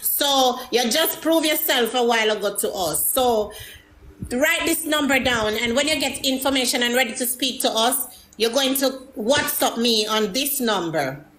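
A woman's voice: fairly high pitch, moderate pace, fairly bright tone, slight background noise. A woman hosting a live call, giving blunt, commanding instructions. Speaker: live stream host. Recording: echoey room.

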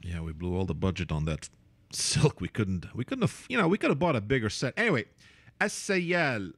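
Playful man teaching, very lively pitch. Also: moderate pace, no room sound. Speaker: Arabic calligraphy teacher. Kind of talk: relaxed teaching with asides.

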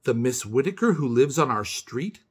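A man voicing a bossy, curious young girl in a storybook read-aloud, pitched up. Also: animated, normal speed, breathy edge.

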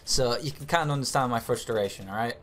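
A man's voice: mid-range voice, quick pace, a bit bright, soft background music. A young man giving live commentary over his own game, swearing and urging his team on. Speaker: gamer streaming commentary.

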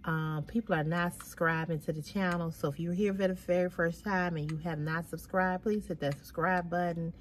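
A middle-aged woman with a low voice chats straight to her viewers in a casual vlog. She sounds worn out, lets out heavy sighs and keeps repeating herself for emphasis. A faint ambient hum sits behind her. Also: steady tone, normal speed, hardly any pauses. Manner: weary, venting, with frequent heavy sighs. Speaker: fashion vlogger. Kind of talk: casual chat to camera.

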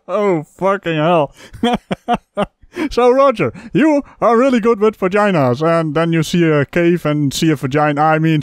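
A man's voice: on the high side, clear, resonant tone, no echo, clean studio sound. A man hosting a comedic reaction commentary, mocking what he watches with sarcastic asides. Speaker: host reacting to a video.

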